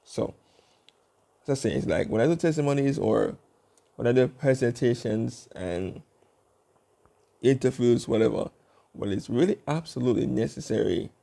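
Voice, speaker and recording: A young man talks casually into his vlog, taking his time and wandering between points with plenty of fillers. His voice sits low and mellow, with a gravelly edge running through it. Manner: deliberate, rambling, with many fillers. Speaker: YouTube channel host.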